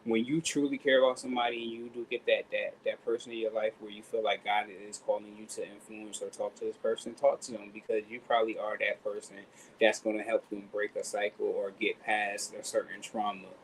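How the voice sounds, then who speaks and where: A man's voice: on the low side, flat delivery, brisk, a little hiss or hum, low-quality recording. A man in casual livestream chat, earnest and rambling, with loose slang and fillers.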